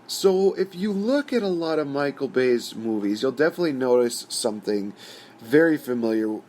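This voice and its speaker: A man's voice: mid-range voice, lively intonation, normal speed, a little mellow, a little hiss or hum. A man hosting his own channel, giving a casual, rambling opinion rant full of "you know" fillers. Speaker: host.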